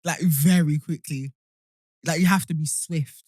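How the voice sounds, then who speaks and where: A young woman with a fairly low voice, chatting bluntly on a podcast and swearing without a second thought. Her delivery is wry and direct. The mic is close and dry. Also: steady tone, measured pace, darkish tone, dry recording. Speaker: podcast co-host. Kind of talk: casual chat.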